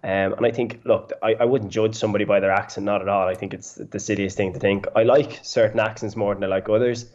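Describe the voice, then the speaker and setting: Quick, hesitant Dublin man, lo-fi line. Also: on the low side, fairly even intonation, a little mellow. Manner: hesitant, easygoing. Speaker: panellist. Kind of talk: casual radio panel chat over a call. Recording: dull lo-fi call line.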